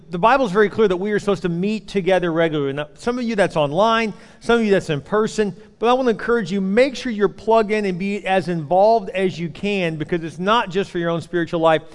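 A man in his forties preaching a sermon as pastor, animated and acting out voices while he tells stories. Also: high voice. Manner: animated storytelling, acts out voices. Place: church auditorium. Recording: long hall reverb.

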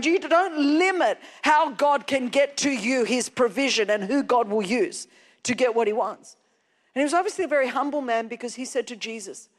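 High-voiced woman preaching in a hall. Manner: emphatic, stretching key words and rising to shouts. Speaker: pastor. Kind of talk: sermon. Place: church hall.

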